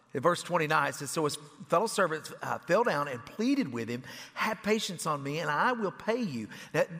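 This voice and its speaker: Brief: man, pastor, fairly high voice, dynamic sermon delivery, long hall echo. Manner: dynamic preaching, swinging from loud emphasis to hushed intensity. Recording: reverberant hall.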